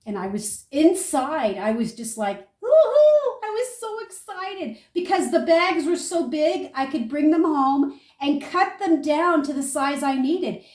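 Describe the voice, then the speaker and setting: An older woman homesteader, chatting through a food-storage demonstration and telling stories in a lively, animated way. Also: high-pitched, unhurried, few pauses, echoey room, distant mic. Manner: chatty, animated storyteller, talks viewers through each step. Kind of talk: casual how-to and storytelling.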